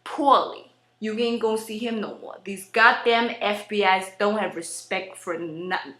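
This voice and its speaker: A woman voicing a tough New York mobster in a put-on New York accent, gruff and blunt. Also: medium pitch, steady tone, unhurried, pushed and bright. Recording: roomy echo.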